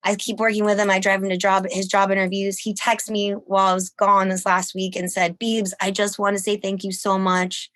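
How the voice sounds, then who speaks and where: Podcast guest, female, lively chatty delivery, dry close mic. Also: fairly quick, few pauses, no room sound. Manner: animated, laughs often, acts out quotes in a higher voice. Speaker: guest, musician and volunteer. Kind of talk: casual storytelling.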